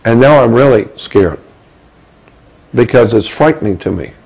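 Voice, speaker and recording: A man telling a story about his own past, halting and repeating words as he searches for them. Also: mid-range voice, lively intonation, darkish tone, slightly rough, poor audio. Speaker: speaker recounting a personal experience.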